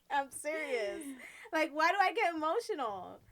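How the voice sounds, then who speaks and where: Woman, 30s, podcast co-host: high bright voice, animated, laughs a lot. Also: unhurried. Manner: laughs often, animated storytelling. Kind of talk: casual chat.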